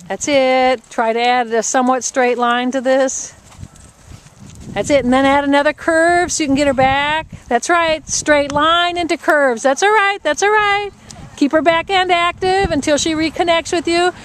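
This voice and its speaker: A woman's voice: sits high, slight background noise. A woman riding instructor coaching a rider live, encouraging her and repeating short commands.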